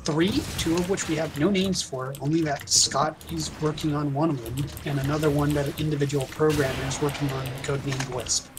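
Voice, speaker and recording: A man's voice: on the high side, steady tone, brisk, few pauses, over music, rough recording. A man streaming a game, chatting casually and explaining updates in an informative way. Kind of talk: casual gameplay chat.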